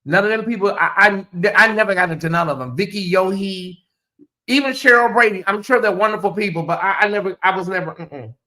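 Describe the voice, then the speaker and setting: Bright, high-voiced man chatting with viewers. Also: fairly quick. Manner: animated and chatty, slips into mocking put-on voices; talks straight to viewers and reads chat aloud. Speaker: host. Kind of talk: casual livestream commentary.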